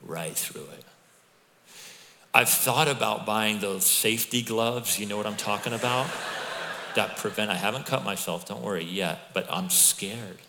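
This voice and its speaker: A middle-aged man preaching a sermon as pastor, telling stories in a conversational, animated way with asides to the congregation. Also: lowish voice, moderate pace. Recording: long hall reverb.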